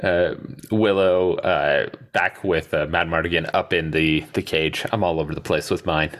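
A man co-hosting a podcast in casual chat, laughing often and jumping into high squeaky voices to quote movie lines. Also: steady tone, normal speed, fairly bright tone. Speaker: podcast co-host.

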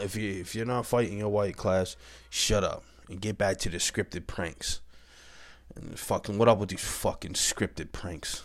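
A man with a very low, deep voice rants straight to camera. He talks bluntly and heatedly, cursing often, stumbling into restarts and tagging lines with "man" and "bro". His delivery is loose and unscripted. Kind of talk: profane casual rant.

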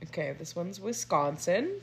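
A woman's voice: lowish voice, lively intonation, normal speed, gravelly, a bit bright, a little hiss or hum. A woman co-hosting a podcast, reading items aloud in a casual chat and laughing along with her co-hosts. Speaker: podcast co-host presenting the segment.

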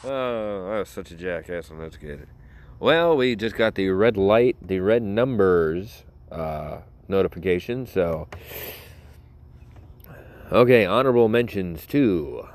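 A man with a slightly low-pitched voice hosts a casual podcast. He tells a rambling story in a loose, offhand way. He keeps breaking into laughter as he talks. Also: lively intonation, slow pace. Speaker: podcast host.

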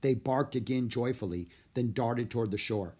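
A man reading a children's storybook aloud in an expressive, lively narration. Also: mid-range voice, moderate pace, slightly rough. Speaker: audiobook narrator.

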